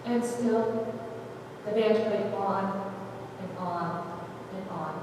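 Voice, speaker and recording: A woman's voice: mid-range voice, takes it slowly. A young woman giving an intense, theatrical oral interpretation performance as a student performer. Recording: echoey hall, distant mic, ambient noise.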